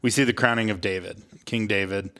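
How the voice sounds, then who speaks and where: A man co-hosting a casual podcast chat, animated and quick to laugh. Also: lowish voice. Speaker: podcast co-host.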